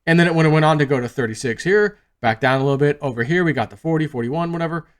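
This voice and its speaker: A man's voice: a little high, racing. A man talking casually to his viewers in a rambling monologue, full of restarts and retold conversations. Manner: chatty, rambling, lots of restarts and retold asides. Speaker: crypto YouTuber.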